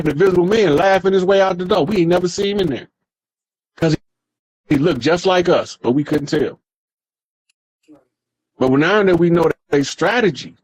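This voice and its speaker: A podcast speaker with a high-pitched, slightly mellow male voice delivers a casual, profane monologue. He tells street stories with heavy emphasis. The recording has no echo.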